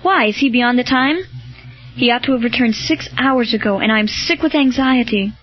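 A woman's voice: on the high side, normal speed, close to an everyday voice. A woman reading the part of an anxious, worried noblewoman in a storybook. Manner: eager, worried. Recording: dull lo-fi with faint music.

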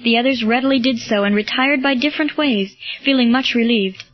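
High-voiced woman reading a classic novel. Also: a little fast. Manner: steady, clear storytelling. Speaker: audiobook reader. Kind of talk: scripted narration. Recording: dull lo-fi, dry.

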